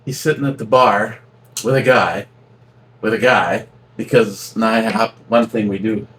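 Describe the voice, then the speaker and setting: A man co-hosting a relaxed chat, teasing his friend and telling stories. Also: on the low side, measured pace. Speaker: podcast co-host. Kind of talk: casual chat about knives.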